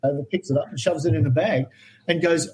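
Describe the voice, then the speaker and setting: An Australian man telling animated stories as a guest in a podcast interview, acting out the voices of people he quotes. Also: on the high side, a little fast, a little hiss or hum, low-quality recording. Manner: animated anecdotal storyteller, acts out quoted voices. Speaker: guest herpetologist.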